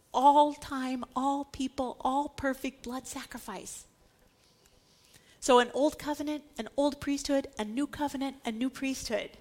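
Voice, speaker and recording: A woman giving an emphatic Bible teaching, repeating words for stress and acting out the voices she quotes. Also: high voice.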